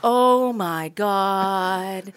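A woman co-hosting a podcast in casual chat, expressive and quick to laugh, with sarcastic asides. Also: mid-range voice. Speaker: podcast co-host.

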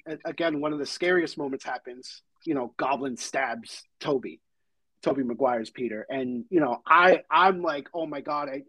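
Husky man excitedly recapping a film. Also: a little high, no room sound, rough recording. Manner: excited retelling with many fillers. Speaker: podcast host. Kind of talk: casual movie recap chat.

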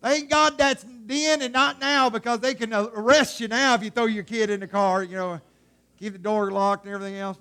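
A man preaching a sermon in a dramatic, colloquial way, swinging from loud outbursts to hushed tones. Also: sits high, steady tone, normal speed. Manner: colloquial, acts out God's voice.

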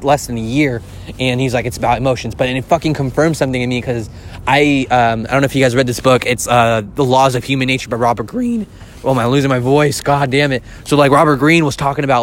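Rambling, profane man with faint rumble. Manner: rambling and profane, heavy use of filler words; excitable, gushing. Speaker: podcast host. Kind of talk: casual solo podcast recap.

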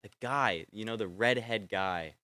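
A young man vlogging in a casual, rambling way, excitable and swearing freely as he trails off and restarts his sentences. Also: on the low side, a little slow. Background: faint film score playing.

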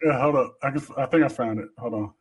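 A man's voice: medium pitch, fast talker, breathy edge. A man hosting a casual chat, telling rambling, profane stories and laughing often. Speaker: podcast host.

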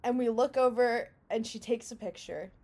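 A young woman co-hosting a podcast, telling a story in a casual, animated way and laughing often. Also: a little high, moderate pace. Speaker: podcast co-host.

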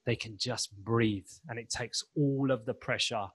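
Speaking a little slowly in a steady, mid-range voice with a breathy edge, a man guests on an animated podcast as a confidence and presentation coach. He talks emphatically and plays out pieces of inner dialogue.

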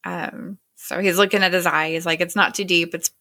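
A woman's voice: lowish voice, steady tone, moderate pace, sharp tone. A woman casually retelling a TV episode scene by scene, quoting the characters with "he's like" and "she's like". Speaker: show recapper.

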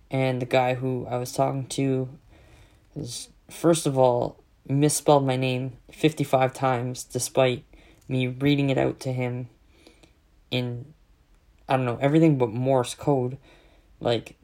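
Man, mid-pitch, sarcastic profane ranter, casual vlog delivery. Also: level tone, unhurried, darkish tone. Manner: exasperated, sarcastic, heavy swearing.

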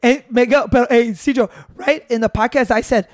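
A man hosting a podcast, telling a story in animated, swearing casual chat with Spanish words mixed in. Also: extremely high pitch, normal speed, no echo, studio quality. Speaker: podcast host.

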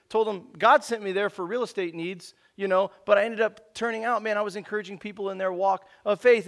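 A man's voice: high-pitched, a bit bright. A man, preaching a casual sermon in a conversational, laid-back way, often saying "man.". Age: 30s. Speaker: pastor.

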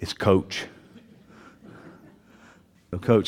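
A man preaching a sermon, folksy and joking, swinging from quiet asides to loud preaching. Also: mid-range voice, unhurried, pauses often, in a large hall. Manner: folksy, joking, uses y'all and ain't. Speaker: pastor. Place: church sanctuary.

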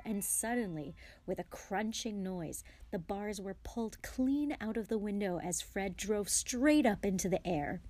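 A woman guest reader reading a children's novel aloud, dropping to whispers and rising to shouts for the characters. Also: on the low side, no echo.

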